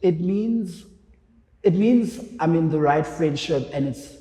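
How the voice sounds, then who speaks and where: A man's voice: fairly high pitch, slow pace, faint music behind. A man, a radio traffic anchor, talking emotionally as a podcast guest. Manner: emotional, excitable, sentimental. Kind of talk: emotional interview chat. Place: podcast studio. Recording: echoey studio with long reverb.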